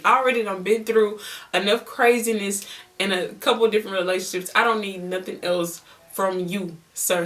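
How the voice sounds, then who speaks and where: A woman telling a storytime vlog in an animated, chatty way, laughing often. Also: medium pitch, distant mic. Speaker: vlogger.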